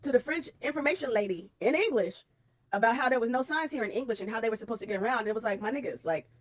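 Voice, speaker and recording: A woman ranting bluntly on camera, swearing freely and talking in an animated, exasperated way. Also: a little high, rapid-fire. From United States. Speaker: vlogger. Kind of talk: casual commentary rant.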